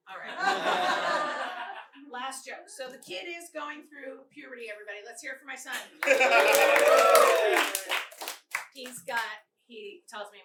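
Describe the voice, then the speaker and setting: Animated woman in her fifties doing stand-up. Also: sits high, slow pace, very noisy. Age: 50s. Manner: animated storytelling with restarts and big punchlines. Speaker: stand-up comedian. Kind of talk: stand-up comedy set. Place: live comedy show venue. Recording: roomy live room, mic from a distance. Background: audience laughter.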